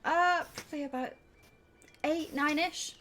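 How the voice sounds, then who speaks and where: Bright-voiced woman game master. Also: high-pitched, a little slow, a little hiss or hum. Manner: casual, filler-heavy narration. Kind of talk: narrating a tabletop game.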